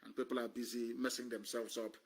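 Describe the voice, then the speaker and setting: A Nigerian man speaks fast with a flat delivery in a mid-range voice, giving an impassioned political monologue on a live stream. He is scornful and emphatic, repeating phrases for effect.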